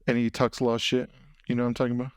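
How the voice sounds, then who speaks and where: A man's voice: medium pitch, completely flat delivery, racing, smooth, no room sound, clean studio sound. A man hosting a podcast, chatting casually and rambling with lots of fillers. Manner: rambling, lots of fillers and "you know what I mean". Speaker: podcast host. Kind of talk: casual chat.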